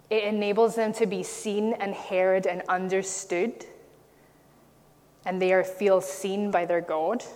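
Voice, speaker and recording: A woman from Scotland giving a sermon and telling stories, stressing her key points. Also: mid-range voice. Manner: storytelling, emphatic at key points. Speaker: preacher. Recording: long reverb, hall.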